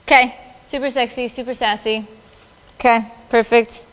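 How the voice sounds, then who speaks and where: Woman photographer bossing models around, upbeat and joking, big echoey studio, a bit high. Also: steady tone, normal speed, a bit bright, smooth. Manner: upbeat, playful directions to models. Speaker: photographer directing a shoot. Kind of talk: live photo shoot coaching. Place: large studio with audience.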